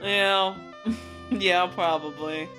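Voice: medium pitch, steady tone, very slow, pushed and bright, faint music behind. A player voicing a worldly, easygoing male adventurer, rambling casually and sheepishly in character during a tabletop game. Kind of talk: in-character tabletop role-play.

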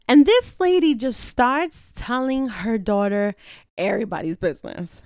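A young adult woman hosting a podcast, telling a story in a casual, profane, animated way and acting out the people she quotes. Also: a little high, clean tone, dry recording, studio quality. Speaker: podcast host.

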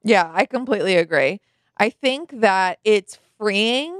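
A woman co-hosting a casual podcast, talking in a measured way with hesitant restarts. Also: medium pitch, expressive, no room sound, clean studio sound. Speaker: podcast co-host. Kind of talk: casual chat.

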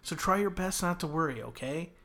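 A man reading aloud and voicing a gentle young man who comforts a friend, in a soothing, earnest way. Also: fairly high pitch, animated, a little fast, vocal fry, voice pushed up. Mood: reassuring.

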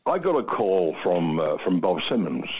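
Older man, husky and gravelly, animated storyteller, lo-fi sound. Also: low voice, normal speed. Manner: lively, repeats himself, frequent fillers. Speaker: retired stuntman guest. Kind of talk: anecdotal storytelling. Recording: dull lo-fi recording.

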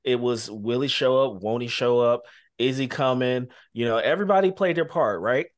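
A man's voice: mid-range voice, normal speed. A man co-hosting a podcast, retelling events casually with many asides. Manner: storytelling, with many "you know" and "right?" asides. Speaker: podcast co-host.

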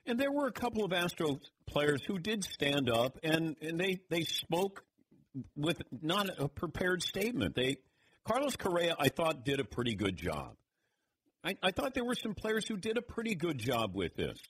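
Husky guy hosting sports radio, lively up and down voice, chatting with callers. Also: moderate pace. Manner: animated, swings pitch widely. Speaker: radio show host. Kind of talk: sports talk radio, taking calls.

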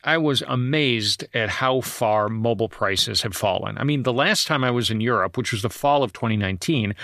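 Bright, dry-sounding male podcast host. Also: mid-range voice, no room sound. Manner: conversational storytelling with asides. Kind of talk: solo travel podcast narration.

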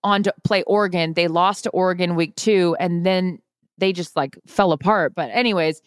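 Lower-voiced woman telling a sports story. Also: normal speed, clear, resonant tone, no room sound, clean studio sound. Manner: animated, rambling with many fillers. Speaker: sports reporter and podcast host. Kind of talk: casual storytelling chat.

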